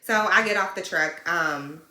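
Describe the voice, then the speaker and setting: A woman truck driver telling a story in a casual, animated and sassy way. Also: fairly low pitch, a little slow. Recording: roomy echo.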